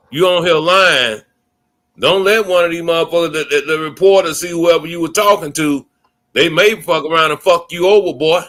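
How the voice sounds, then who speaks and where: Bright-voiced man in heated reaction commentary. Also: high-pitched. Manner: profane, stammering, heated. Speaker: commentary host.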